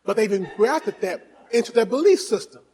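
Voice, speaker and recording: A male pastor preaching a fervent sermon, dropping to soft asides and then rising to shouting as he urges on the congregation. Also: high-pitched, lively intonation, normal speed, breathy edge, low-quality recording. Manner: exhorting the congregation.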